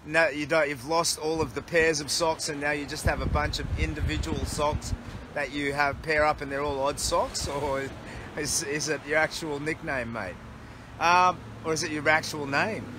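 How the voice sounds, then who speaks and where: Leaning against a tree by a roadside, an Australian charity walker chats on his livestream and cheerfully reads out comments from viewers. He has a fairly high-pitched voice, and background noise can be heard.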